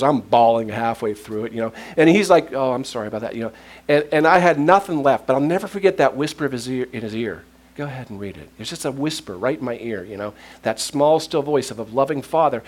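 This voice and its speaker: A man preaching a sermon, telling stories, laughing often and dropping to a near-whisper at tender moments. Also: medium pitch. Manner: laughs often while speaking.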